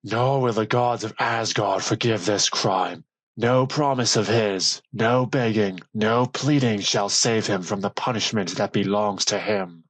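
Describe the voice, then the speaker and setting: A man doing a furious, grieving thunder god in a storybook reading, booming out each line with slow, heavy weight. The voice sits low and a bit husky, close and dry. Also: no room sound. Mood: grieving, wrathful. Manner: booming, declamatory. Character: thundering grief-stricken male god of thunder.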